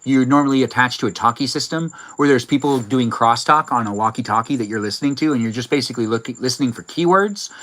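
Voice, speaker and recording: Young male streamer, bright and chatty, talks to viewers on a live stream. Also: medium pitch, quick pace, few pauses, low-quality recording. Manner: chatty, reads viewer comments aloud. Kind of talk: casual live-stream chat.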